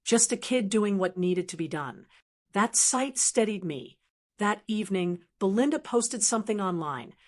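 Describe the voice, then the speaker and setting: Older woman in her sixties, scripted story narration, steady and measured, mid-pitched voice. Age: 60s. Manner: steady, measured first-person telling.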